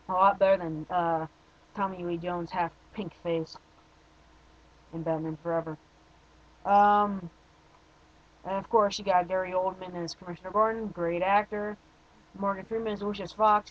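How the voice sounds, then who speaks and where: A man's voice: high voice, muffled recording. A young man giving a casual, opinionated spoken movie review, rambling with frequent restarts and fillers.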